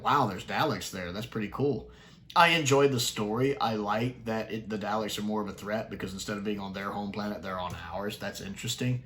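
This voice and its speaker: A man's voice: fairly low pitch, a bit bright. A man giving casual, enthusiastic review commentary, chatty, with fillers and restarts. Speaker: sci-fi reviewer.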